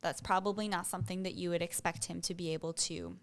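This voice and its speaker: A woman's voice: fairly low pitch, fairly even intonation, fast talker. A woman co-hosting a podcast, asking questions and thinking things over in casual chat. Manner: questioning, thoughtful. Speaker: podcast co-host.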